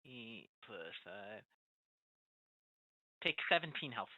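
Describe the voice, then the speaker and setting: A soft-spoken player describing actions in a tabletop game, voice bright and lively in pitch. The sound is dry and dull, like a lo-fi mic. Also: slow pace, no echo.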